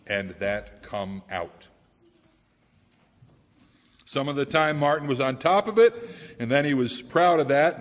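A male pastor preaching a sermon in a church, swinging from loud declarations to hushed lines. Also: mid-range voice. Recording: dull sound with long hall reverb.

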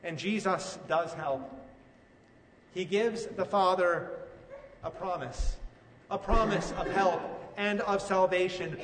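A man with a rather high voice preaches a sermon, earnest and putting questions straight to his listeners. He sounds distant from the mic, with a long echo trailing each phrase as in a large hall. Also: slow, pauses often, a little hiss or hum. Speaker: pastor. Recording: echoey hall from far off.

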